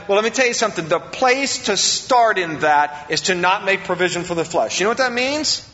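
A man preaching a sermon as the pastor, rising sharply in pitch and acting out the excuses people make. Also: animated, fairly quick, pushed and bright. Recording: dull sound with long hall reverb.

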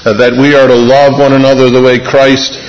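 A man preaching a sermon as pastor, speaking in an earnest, measured way with deliberate pauses. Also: medium pitch, little pitch movement. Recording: reverberant hall.

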